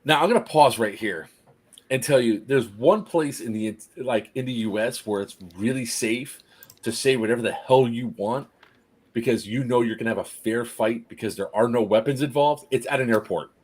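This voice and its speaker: A man casually telling a long story on a podcast as its host, animated and often laughing. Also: medium pitch, moderate pace, slightly rough. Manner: animated anecdote teller, laughs through his story.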